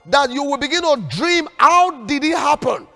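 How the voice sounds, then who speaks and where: A man's voice: extremely high pitch, expressive, normal speed, gravelly, a bit bright. A man preaching fervently as a prophet in an online prayer broadcast, urging viewers to repeat declarations after him. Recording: long hall reverb with faint background music.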